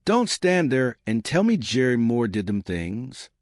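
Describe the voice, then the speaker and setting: A man's voice: mid-range voice, big pitch swings, a little slow, no room sound, clean studio sound. A man voicing a rattled man who speaks in disbelief. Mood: incredulous. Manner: incredulous, rattled.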